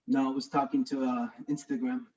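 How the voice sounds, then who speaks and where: A man's voice: medium pitch, level tone, fairly quick, a little mellow, slight background noise. A man with a Southern Californian accent, chatting hesitantly as a guest on a video call. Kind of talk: casual chat. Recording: distant, muffled video-call audio.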